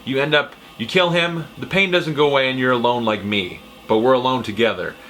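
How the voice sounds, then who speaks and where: A man's voice: medium pitch, brisk, sharp tone, close to an everyday voice. A man doing an offhand mocking impression of a smug, blunt male superhero. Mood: gruff advice.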